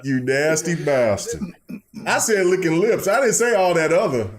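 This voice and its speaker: A man's voice: fairly high pitch, sing-song, moderate pace, crowd noise. A man hosting a casual gaming podcast, playful and teasing, often repeating his words. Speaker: podcast host.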